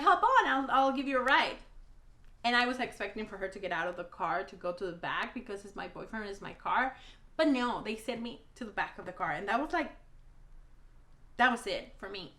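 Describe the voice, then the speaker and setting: A woman's voice: mid-range voice, lively intonation, brisk, fairly bright tone, reverberant. A woman telling an emotional storytime vlog, blunt and rambling, swearing a lot, a native Spanish speaker talking in English. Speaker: vlogger.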